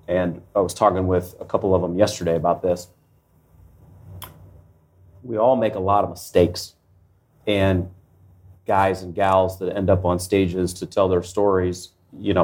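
A man's voice: sits low, a little mellow. A man hosting an interview, responding in a reflective, affirming way. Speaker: interviewer, host. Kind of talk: conversational interview.

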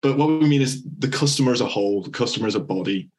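A man's voice: mid-range voice, lively intonation, rapid-fire, a little mellow. A man hosting an interview podcast, asking questions in a loose, chatty way with many fillers. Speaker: podcast host.

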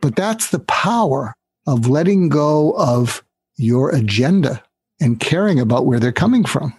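An older man with a husky, slightly rough voice tells his story in lively bursts and briefly acts out the people in it. The recording is dry and close, with no room sound. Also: mid-range voice, a little slow, dry recording. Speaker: guest, author. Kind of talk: storytelling interview answer.

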